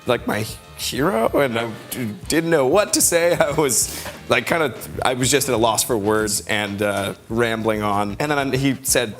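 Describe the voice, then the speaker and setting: Excitable young man telling a rambling anecdote. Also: medium pitch, unhurried, soft background music. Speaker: talk-show guest. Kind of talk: emotional anecdote.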